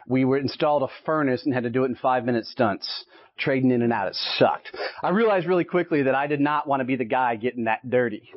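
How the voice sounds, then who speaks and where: A man in his late thirties with a Texan accent, giving a motivational sales talk to a live audience in punchy stories and often asking "right?". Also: mid-range voice. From Texas. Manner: punchy storytelling, keeps checking in with "right?". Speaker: sales speaker. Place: association meeting in front of an audience. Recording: dull lo-fi live speech recording.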